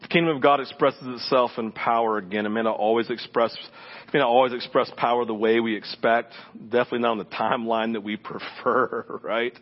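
A male pastor preaching from the pulpit, spinning a personal story in a loose, conversational way, often checking in with the room. His voice sits in an ordinary middle register. The recording sounds dull and lo-fi, as if taken from a church sound system. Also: medium pitch. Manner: conversational, animated retelling with asides to the congregation. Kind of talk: storytelling sermon.

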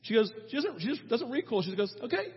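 High-voiced husky pastor preaching in a hall. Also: male voice, fast. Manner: conversational, animated, tags lines with "right?". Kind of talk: sermon. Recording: dull sermon recording in a reverberant hall.

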